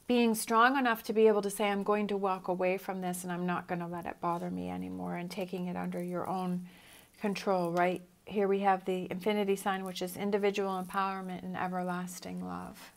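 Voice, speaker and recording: A woman's voice: fairly low pitch, level tone, fairly quick, gravelly. A middle-aged woman giving a motivational tarot reading, earnest and encouraging, repeating her reassurances. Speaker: tarot reader.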